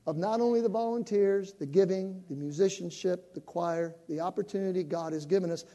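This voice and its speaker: An older male pastor making an animated appeal to his congregation, building up to shouting. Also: high voice, a little fast. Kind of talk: sermon announcement to a congregation. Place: church sanctuary. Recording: long reverb of a church hall.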